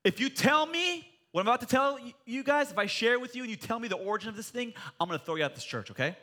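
High-voiced bright preacher man in his forties. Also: fast. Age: 40s. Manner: animated, jokey, builds to loud emphatic peaks. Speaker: pastor. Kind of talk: sermon. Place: church.

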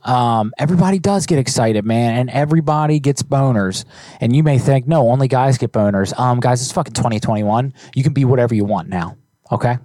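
Hosting a prank call show on a live stream, a man chats casually in a loose, profane, rambling way full of fillers. He speaks briskly in a warm, mid-range voice, captured in a dry recording.

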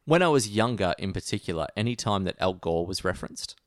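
A man's voice: sits low, expressive, a little fast, dry recording, clean studio sound. A young Australian man co-hosting a podcast, telling rambling stories with plenty of fillers. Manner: rambling storyteller, frequent fillers. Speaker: podcast co-host. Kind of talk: casual chat.

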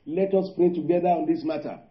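A man preaching a sermon, halting and repeating words, calling out hallelujah and asking the congregation rhetorical questions. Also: a little high. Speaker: pastor. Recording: echoey room, dull lo-fi sound.

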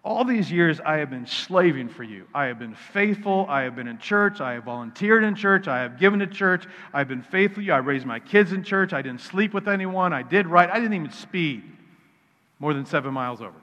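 A preacher doing an indignant dutiful older son. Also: male voice, a little high, animated, a little fast, pushed and bright. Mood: aggrieved. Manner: aggrieved listing of his good deeds. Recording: reverberant hall, dull sound.

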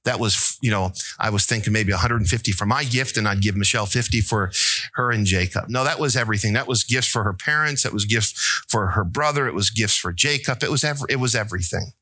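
A man's voice: fast talker, pushed and bright, dry recording. A man preaching a sermon as pastor, asking the congregation questions, joking and rising to emphatic, pleading peaks. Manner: asks the congregation questions and tells jokes; rises to an emphatic, pleading pitch.

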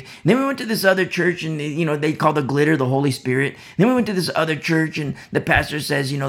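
Rambling, gravelly home Bible teacher. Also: mid-range voice, quick pace, few pauses. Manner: conversational, rambling with many asides and restarts.

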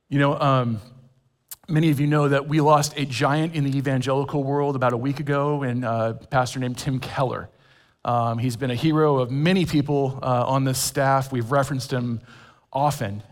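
A man from California preaching a sermon as a men's pastor, conversational with humorous asides. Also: medium pitch. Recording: long reverb of a large hall.

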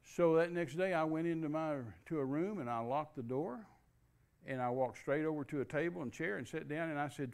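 Older gravelly-voiced preacher telling a story. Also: male voice, fairly high pitch, brisk. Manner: animated storyteller, acts out quoted dialogue. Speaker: guest preacher. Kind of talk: storytelling testimony.

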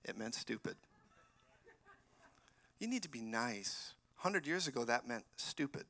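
A man preaching as a guest speaker in a church, animated and swinging between loud declarations and quiet prophetic words. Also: medium pitch, a little slow. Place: church sanctuary.

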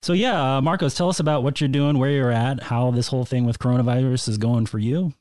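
A man's voice: mid-range voice, fast talker, a little mellow, no room sound, studio quality. A man hosting a casual podcast interview, asking short questions. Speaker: podcast host.

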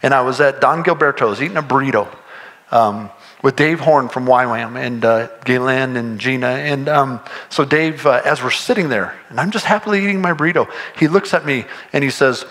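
A man's voice: mid-range voice, moderate pace, fairly bright tone, rough recording. A man preaching a sermon, earnest and conversational, often restarting his sentences and pushing toward emphatic points. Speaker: pastor.

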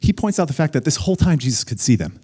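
A young adult man, a pastor, giving a conversational, animated sermon to a congregation. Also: a little high, fast talker, husky.

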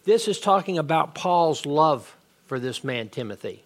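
A man's voice: on the high side, lively intonation, measured pace. A middle-aged man, teaching a Bible lesson and explaining grammar step by step with emphasis.

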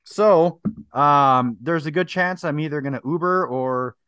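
A man's voice: fairly high pitch, a little slow, crowd noise. A man co-hosting a podcast, chatting casually, joking and rambling as he reads drink labels aloud. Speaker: podcast co-host. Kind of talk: casual chat.

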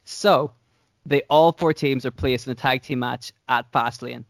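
A man's voice: mid-range voice, fairly even intonation, unhurried, creaky, no room sound. A young man chatting casually as a podcast co-host, telling a long story in a rambling way with casual swearing. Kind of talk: casual chat recapping wrestling storylines.

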